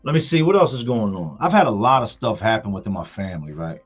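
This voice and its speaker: Speaking fast in a sing-song way, a middle-aged dad with a low, raspy voice recounts a family tale during a casual live stream. He hammers and repeats words for emphasis, while quiet music plays under the muffled, lo-fi sound.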